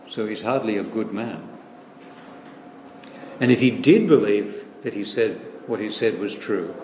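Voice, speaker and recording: A man preaches in a large, echoing hall, his voice carrying a long reverb. He speaks slowly and deliberately, circling back to repeat key phrases, with a faint hum of the room behind him. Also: mid-range voice, darkish tone. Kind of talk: sermon. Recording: echoey hall, slightly distant, faint room noise.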